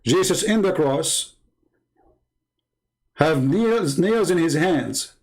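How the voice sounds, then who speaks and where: High-pitched guy ranting on his stream, broken english, pushy. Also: expressive, takes it slowly, low-quality recording. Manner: emphatic, broken English grammar. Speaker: live-stream host. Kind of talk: polemical debate talk.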